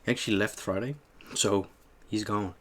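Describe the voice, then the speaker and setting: A young man eating on camera and telling a story in a casual, animated way, swearing freely as he acts out an argument at a shop. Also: fairly low pitch, normal speed. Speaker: mukbang host.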